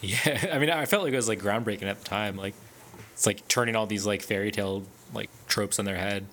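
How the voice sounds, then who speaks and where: A man's voice: fairly low pitch, a little fast, fairly bright tone, a little hiss or hum. A man co-hosting a podcast in casual chat, easygoing and full of "like" fillers. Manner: easygoing, heavy on "like" fillers, laughs often. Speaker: podcast co-host.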